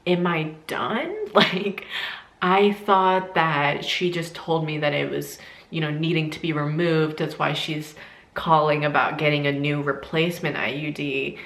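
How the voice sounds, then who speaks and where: A young woman with a notably low voice recounts her own experience in a casual storytime vlog. She is animated and laughs often as she talks. The room around her sounds echoey. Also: a little slow. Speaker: vlogger.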